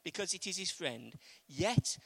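A man's voice: high-pitched, animated, a little slow, vocal fry, husky. A man preaching a sermon in a conversational way, asking the congregation questions. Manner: conversational, asks the congregation questions, acts out quotes.

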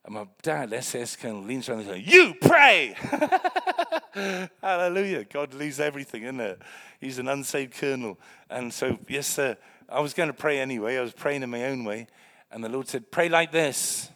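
Gravelly, animated male preacher. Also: mid-range voice, brisk. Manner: animated, swings from quiet to loud. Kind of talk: sermon with storytelling.

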